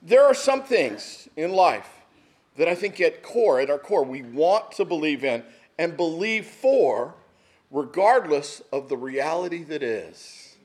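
Higher-voiced storytelling male pastor. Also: sing-song, measured pace. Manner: conversational storytelling, asks the room "right?". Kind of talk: sermon.

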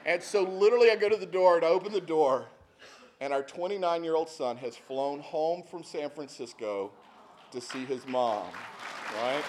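A middle-aged male pastor delivers his sermon in a relaxed, storytelling way. His voice sits a little on the high side for a man, and he keeps turning to the congregation with easy asides. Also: noisy background. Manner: conversational, folksy, with asides to the congregation.

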